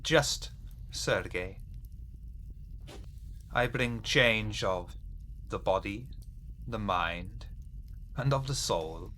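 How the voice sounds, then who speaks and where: A European game master voicing a sinister male vampire flesh-shaper in a put-on Eastern European accent, speaking in slow, solemn pronouncements. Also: lowish voice, pushed and bright, slight background noise, full character voice. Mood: menacing calm. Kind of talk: tabletop role-play voicing.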